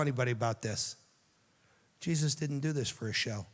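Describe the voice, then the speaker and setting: A man giving a youth sermon, telling the story dramatically and dropping to a hushed, tender voice for quoted lines. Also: medium pitch, a little fast, in a large hall. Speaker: youth speaker.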